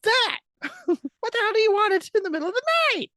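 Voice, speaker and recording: Casting note: a man putting on a cranky middle-aged mom, shrieking high and fast, woken in the night. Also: expressive, no room sound, clean studio sound. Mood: annoyed. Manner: shrill and yelling.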